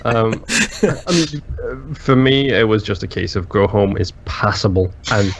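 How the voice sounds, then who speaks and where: A man's voice: on the low side, steady tone, measured pace, very noisy. A man co-hosting a casual chat, telling long rambling stories. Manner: chatty, rambling storyteller. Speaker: podcast co-host.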